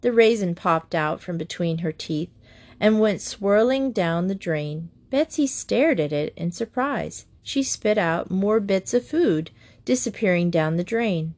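Woman narrator, mid-pitched, gentle children's-book reading. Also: animated, unhurried.

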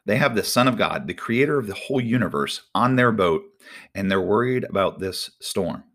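A pastor delivers a sermon in a lowish male voice. He is animated, slowing down and stretching out key phrases to drive them home. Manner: animated preaching with drawn-out emphatic phrases.

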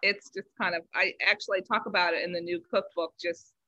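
A woman's voice: lowish voice, fairly even intonation, brisk, sharp tone, dry recording, dull audio. A woman from Los Angeles with a slight Southern lilt, chatting as an interview guest and filling her talk with "you know.". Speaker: guest, baker. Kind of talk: casual interview chat.

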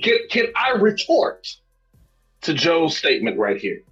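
A man's voice: on the high side, huge pitch swings, unhurried, fairly bright tone, husky, soft background music. A man in a podcast debate giving a mock-formal rebuttal, theatrical and pleading, stammering at times. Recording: dull lo-fi sound.

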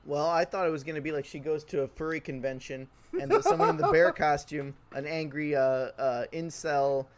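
A man's voice: fairly high pitch, big pitch swings, a little fast, few pauses. A man chatting casually, rambling through a comic story with lots of fillers and laughter. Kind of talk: casual comedic chat.

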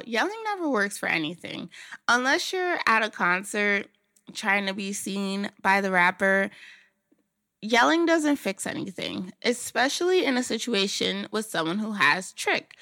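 A woman's voice: fairly high pitch, sharp tone, dry recording, studio quality. A woman hosting a casual solo podcast, talking frankly and chattily and swearing now and then. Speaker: podcast host.

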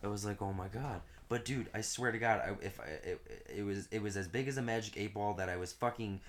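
In a casual chat with friends, a man spins out a long, crude tale, cursing and animated, frequently cracking up at his own punchlines. His voice is on the low side and he talks fairly quickly.

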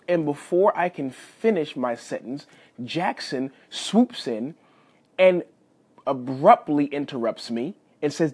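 A man in his thirties hosting a podcast, casually telling a family story in a folksy, animated way and talking straight to his listeners. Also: a little high, slow, husky. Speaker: podcast host.

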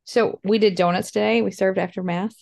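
A middle-aged woman, a mother, telling a family story in casual chat over a video call, animated and laughing often. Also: medium pitch, fairly quick, gravelly. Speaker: podcast co-host, mother.

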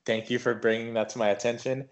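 Man, mid-pitch voice, podcast host, casual rambling talk. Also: level tone, fast. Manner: laid-back, rambling. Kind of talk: casual chat.

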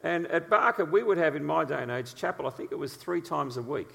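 A man preaching a sermon, telling stories in an animated way, with his voice sitting on the higher side. His words carry the long reverb of a big hall. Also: brisk, vocal fry. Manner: animated storytelling with frequent uh fillers.

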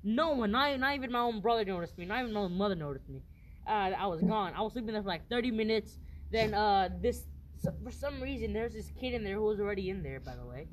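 A man's voice: high voice, lively intonation, fast talker, slight background noise, poor audio. A teenage boy telling a story in casual chat, rambling with lots of restarts and fillers.

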